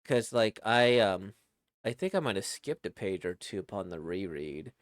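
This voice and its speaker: A man's voice: deep voice, expressive, moderate pace, no echo, clean studio sound. A man casually reacting to a webcomic he reads, rambling and reflective, with many fillers and restarts.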